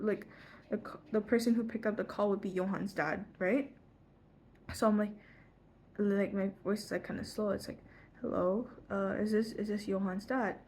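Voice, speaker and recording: A woman's voice: medium pitch, a little mellow. Rambling teen girl telling a story. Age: teens. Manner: rambling, full of "like" and self-corrections. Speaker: vlogger. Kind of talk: casual storytelling vlog. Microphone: front phone camera.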